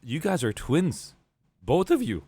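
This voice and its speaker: A man, a guest streamer, recounting a match in an animated, incredulous way. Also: a little high, a little slow, husky, dry recording. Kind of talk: casual esports chat.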